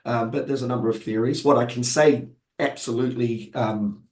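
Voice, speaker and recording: A man with a New Zealand accent, hoarse and croaky from being unwell, talking as a guest in a webinar with many fillers and restarts. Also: medium pitch, steady tone, moderate pace, darkish tone, echoey room. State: hoarse from illness. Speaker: panel guest. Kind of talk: webinar discussion.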